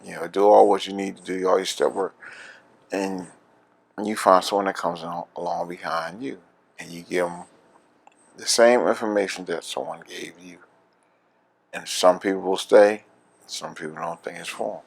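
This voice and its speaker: A man's voice: low voice, steady tone, moderate pace, gravelly, pauses often. A man with a Philadelphia accent, a veteran telling his story in an oral history interview, candid and laughing often.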